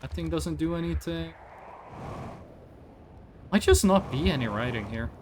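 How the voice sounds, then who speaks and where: A live streamer commenting on a space exploration game, thinking out loud and swearing when startled. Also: mid-range voice, lively intonation, unhurried, a little hiss or hum.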